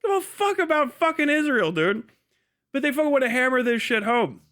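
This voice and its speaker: A man's voice: extremely high pitch, animated, brisk, a bit bright. A man hosting a livestream, ranting heatedly and profanely, mocking and breaking into laughs. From United States. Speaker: livestream host.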